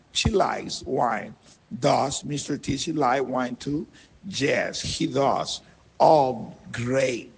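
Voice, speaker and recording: A man teaching an English lesson, drilling words and short phrases in a slow, deliberate way with a husky voice. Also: on the high side, long reverb tail.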